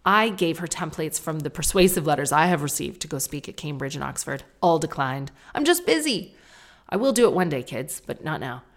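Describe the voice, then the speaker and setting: A woman's voice: a little fast, hardly any pauses. A woman in her thirties hosting a casual monologue podcast, telling candid stories and acting out other people's voices. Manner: chatty, candid storytelling with sudden jumps in pitch and loudness. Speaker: podcast host.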